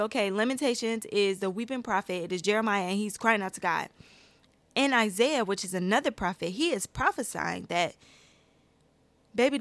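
Animated woman reading scripture, lilt. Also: a little high, no room sound. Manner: animated, reads scripture aloud with rising emphasis; speaks with her hands and addresses viewers as y'all. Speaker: Christian video creator. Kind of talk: personal Bible-study talk to camera.

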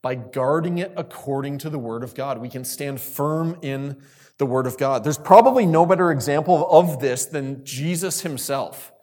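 A man's voice: medium pitch, moderate pace, a little mellow. A man giving a sermon to a youth group, asking the listeners questions and repeating key phrases for emphasis. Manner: asks questions and calls on listeners. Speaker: youth speaker.

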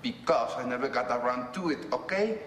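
A man's voice: mid-range voice, animated, fairly quick, natural voice. A man playing a defensive skeptic, echoey. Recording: echoey room with loud background noise.

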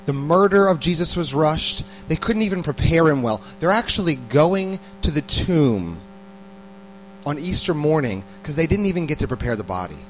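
A man's voice: on the high side, lively intonation, moderate pace, soft background music, rough recording. A man and parent giving a casual, conversational sermon, often repeating words and putting questions to his listeners. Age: adult parent. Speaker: preacher.

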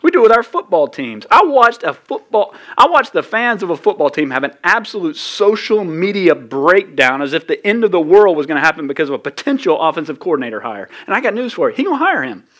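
Male pastor, slightly high voice, chatty and animated sermon delivery with big swings in loudness. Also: brisk, few pauses. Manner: conversational, animated preaching with sudden loud peaks and drops.

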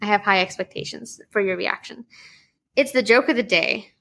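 A woman's voice: mid-range voice, normal speed, creaky. A woman hosting a podcast in casual chat, chatty and prone to laughing. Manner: chatty, giggly, animated storyteller. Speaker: podcast host.

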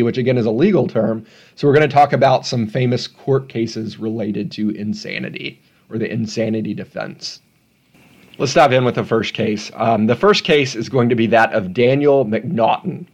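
A man hosting a solo podcast at home, talking casually with rambling, self-deprecating asides. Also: mid-range voice. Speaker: podcast host.

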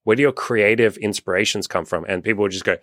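A man's voice: fairly low pitch, quick pace, a bit bright, no echo, clean studio sound. A young man hosting as a dating coach, talking casually and profanely and acting out the voices of people he quotes. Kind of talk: casual podcast conversation.

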